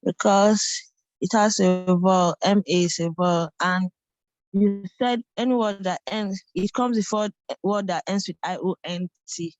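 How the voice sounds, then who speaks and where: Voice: medium pitch, steady tone, a little slow, lo-fi sound. A student on an online lesson, answering the tutor's questions hesitantly. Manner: hesitant, tries to explain. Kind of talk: answering in class.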